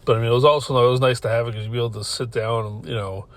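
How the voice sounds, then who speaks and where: A man's voice: medium pitch, steady tone, rapid-fire. A man hosting a podcast from his car, telling a story in a loose, rambling way. He swears a lot, laughs often and keeps restarting his sentences. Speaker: podcast host. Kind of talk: casual storytelling.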